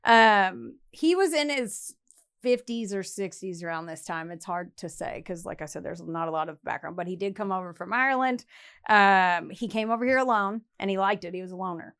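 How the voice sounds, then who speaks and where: Smooth-voiced woman telling a casual story. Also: medium pitch, fairly bright tone. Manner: laughs often, quick asides and playful voices for people in the story. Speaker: podcast co-host telling a true crime story.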